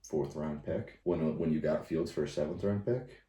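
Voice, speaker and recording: A man's voice: very deep voice, moderate pace, mellow. A young man co-hosting a casual sports podcast, laid-back and speculative, with many fillers. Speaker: podcast co-host. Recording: roomy echo.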